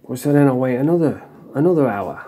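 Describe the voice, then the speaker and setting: A man's voice: medium pitch, animated, quick pace, dark tone, breathy edge. A man telling a personal story to camera in a blunt, sweary, frank way. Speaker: vlogger. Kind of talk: casual storytelling monologue.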